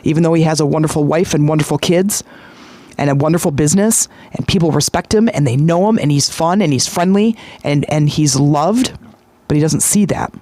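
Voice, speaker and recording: A man hosting a podcast, retelling a story in a lively, chatty way with frequent fillers. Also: fairly high pitch, brisk, dry recording. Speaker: podcast host. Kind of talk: casual storytelling monologue.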